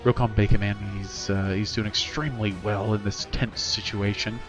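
Man, livestream host, upbeat casual game commentary, reads chat aloud, muffled sound, soft music behind. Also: on the low side, fairly even intonation, moderate pace. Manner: chatty, upbeat, reads chat and cheers on players. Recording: slightly dull lo-fi audio with faint game music.

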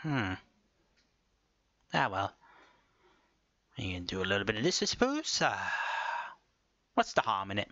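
A man's voice: fairly low pitch, wildly swooping pitch, measured pace, long pauses, pushed and bright, no echo, highs cut off. A man giving casual commentary over his own gameplay, joking and mock-dramatic, talking to himself as he plays. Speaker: gaming video host. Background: game music.

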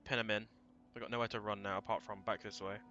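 A man thinking aloud through a strategy game, casual and prone to swearing and sudden shouts. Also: fairly low pitch, level tone, fast, muffled recording. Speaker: let's play gamer. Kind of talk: casual gameplay commentary.

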